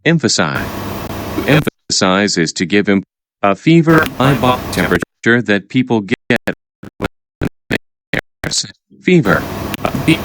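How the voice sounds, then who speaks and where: A man reading out vocabulary words and their definitions, halting and repeating each word after explaining it. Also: on the low side. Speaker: vocabulary teacher. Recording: noisy recording with clicks.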